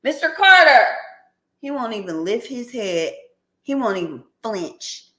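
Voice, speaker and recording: A woman's voice: mid-range voice, animated, unhurried. A woman hosting a casual live stream, chatty and laughing often, talking aside to her dog.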